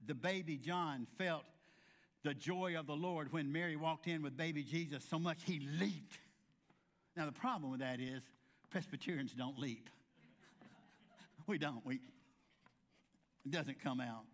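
Male pastor, high voice, folksy storyteller who slips into the characters' voices; sermon delivery. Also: unhurried, long pauses, fairly bright tone. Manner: folksy storytelling with humorous asides; acts out quoted voices.

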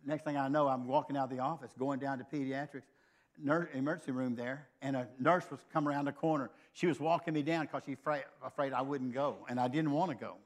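A man's voice: medium pitch, fairly even intonation, a little fast. An older man preaching a sermon, telling a personal story in an earnest, conversational way.

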